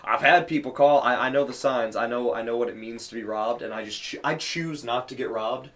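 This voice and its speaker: A man's voice: medium pitch, brisk, fairly bright tone. A young man co-hosting a podcast in casual chat, talking loosely with lots of fillers and restarts. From Cleveland area. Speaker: podcast co-host.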